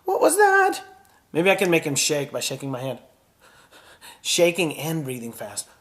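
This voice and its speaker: A man teaching children a puppet drama lesson, gentle and encouraging as he demonstrates. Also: mid-range voice, moderate pace.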